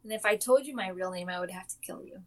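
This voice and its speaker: A woman's voice: mid-range voice, fast, a bit bright. A woman author, a guest on a podcast, talking casually with a joking, sarcastic manner. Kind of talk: casual conversational interview.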